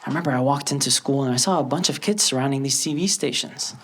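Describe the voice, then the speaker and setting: Animated male stand-up comedian from Lebanon. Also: medium pitch, fast talker, a little hiss or hum. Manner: animated storytelling with acted-out voices. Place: stage before a live audience.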